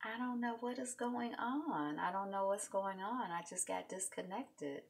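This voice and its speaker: A woman hosting a casual video recap of a reality show, chatty and animated, with many fillers. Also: mid-range voice, normal speed, gravelly.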